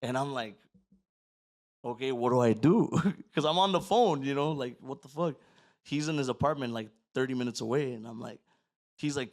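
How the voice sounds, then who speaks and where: A man, a podcast guest, telling a personal story in a casual, profane way, acting out his own words and swinging between loud outbursts and near-whispers. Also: medium pitch, moderate pace.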